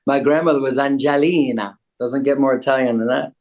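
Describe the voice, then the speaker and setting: A man's voice: mid-range voice, fairly even intonation, brisk, a little mellow. Joking man in casual chat. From United States. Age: older. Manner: joking, wisecracking. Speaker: guest.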